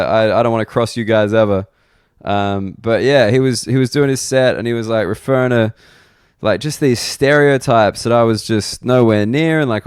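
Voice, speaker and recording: A man's voice: medium pitch, smooth, dry recording. A young Australian man, a comedian hosting a solo podcast, rambling wryly and self-deprecatingly with lots of fillers into a close mic. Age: young adult. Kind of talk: casual solo podcast monologue.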